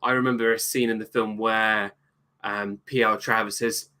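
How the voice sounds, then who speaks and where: A man's voice: fairly low pitch, level tone, moderate pace, bright, forceful tone. A man co-hosting a casual movie review podcast, wry and joking about the film. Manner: wry, jokes, mimics accents. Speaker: podcast co-host.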